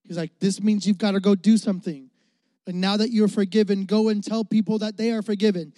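A man's voice: sits high, steady tone, a little fast, mellow, dry recording. A young adult man, a youth pastor, preaching a sermon with emphatic repetition and rising and falling volume.

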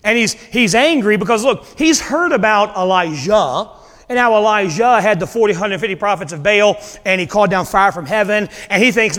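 A male preacher giving a sermon, retelling a scripture story in a casual, animated way with dramatic pauses. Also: high-pitched, long reverb tail.

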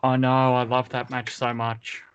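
A man's voice: medium pitch, completely flat delivery, a little slow, clear, resonant tone. A man co-hosting a casual wrestling podcast, moving the talk along and asking questions. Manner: steers the talk, asks questions. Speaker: podcast co-host.

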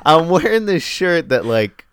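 Man, casual storytelling, profane, animated, dry recording. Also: on the high side, a little slow, clean tone, no echo. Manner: animated, profane, laughing often.

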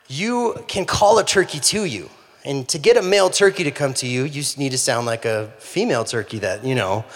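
A man preaching a sermon, telling a humorous story in an animated way. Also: fairly high pitch. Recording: long hall reverb.

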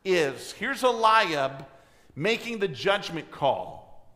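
Slow, bright-voiced preaching man. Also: fairly high pitch, expressive, long reverb tail. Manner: emphatic preaching, rhetorical questions to the congregation; clears throat often. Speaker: pastor. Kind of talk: sermon. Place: church sanctuary.

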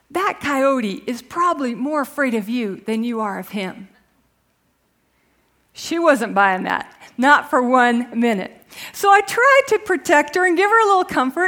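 A middle-aged woman preacher who opens with a soft, hushed prayer and then tells stories in a lively way. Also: sits high. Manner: hushed, prayerful when praying, lively storytelling after. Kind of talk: sermon with prayer and storytelling.

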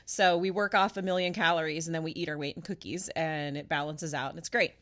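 A woman pastor chats on a podcast, telling a story in a casual way. She is animated and laughs often, and her pitch swings widely as she goes. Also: fast.

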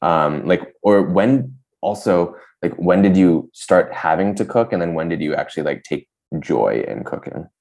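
A young man with a low voice chats on a podcast in a hesitant, self-deprecating way, full of "like" and "um". Now and then his voice cracks upward. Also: animated, normal speed, hardly any pauses, a little mellow. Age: young adult. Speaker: podcast co-host. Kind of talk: casual chat.

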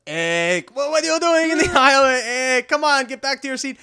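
A man's voice: very high voice, very animated, normal speed, pitched above the performer's own voice, full character voice. A man putting on an angry male airline pilot with an Israeli accent, berating someone. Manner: berating, shouting.

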